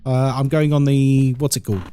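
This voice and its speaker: A man's voice: mid-range voice, level tone, a little fast, warm tone, smooth. A man from England chatting casually on a live game stream, reading out chat and laughing often.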